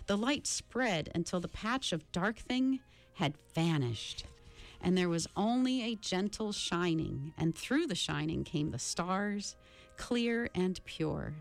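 A woman reading a novel aloud slowly and expressively. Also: on the low side, creaky, soft background music. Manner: slow, expressive storybook reading. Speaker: reader.

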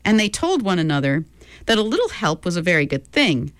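A woman's voice: on the low side, sing-song, brisk, dry recording. A woman reading a storybook aloud, giving each character their own voice.

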